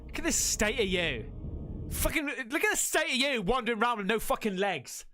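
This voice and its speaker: Excitable British man reacting. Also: extremely high pitch, brisk, faint music behind. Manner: excitable, swearing, animated. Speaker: reaction host. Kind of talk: casual reaction commentary.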